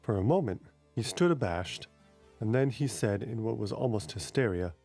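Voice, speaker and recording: A man narrating a short story in a steady, unhurried way. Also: on the low side, creaky, soft background music. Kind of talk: scripted audiobook narration.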